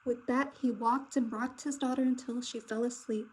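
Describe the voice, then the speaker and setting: A woman narrating a children's picture book aloud with expressive, dramatic delivery. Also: on the high side, moderate pace, slight background noise, low-quality recording. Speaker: storybook reader.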